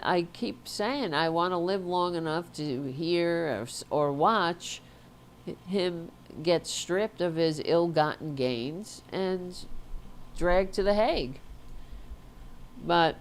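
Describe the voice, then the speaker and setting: A woman's voice: fairly low pitch, slow, a little hiss or hum. A woman hosting a political talk show, congested and stuffed up, talking bluntly and indignantly with profanity and frequent restarts. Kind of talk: opinionated political commentary.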